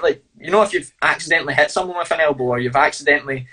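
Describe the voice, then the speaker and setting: A man's voice: fairly high pitch, rapid-fire, bright, forceful tone, slightly rough, low-quality recording. A man telling sweary, laughing stories as an interview guest. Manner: blunt, sweary, laughing storyteller. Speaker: fighter and guest. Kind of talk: casual storytelling interview.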